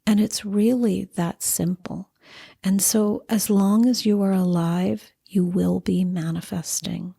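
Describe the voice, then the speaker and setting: A middle-aged woman hosting a spiritual talk, teaching calmly and acting out playful quotes. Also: mid-range voice, slow, creaky, husky, dry recording, studio quality. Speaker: podcast host and spiritual teacher. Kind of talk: calm spoken teaching monologue.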